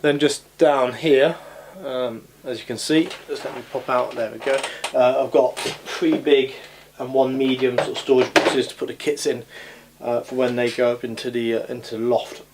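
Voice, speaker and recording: A man's voice: mid-range voice, fairly even intonation, moderate pace. A man chatting casually in a hobby vlog from his home hobby room, rambling with frequent ums and uhs, recorded on a camera mic. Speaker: scale model hobby vlogger. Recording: audible background noise.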